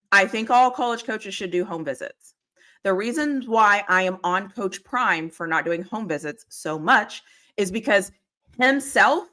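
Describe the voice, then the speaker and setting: A woman's voice: mid-range voice, a bit bright. A woman co-hosting a casual football talk stream, rambling and laughing often as she talks over a video call. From Pittsburgh area. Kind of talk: casual chat. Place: home, live stream call.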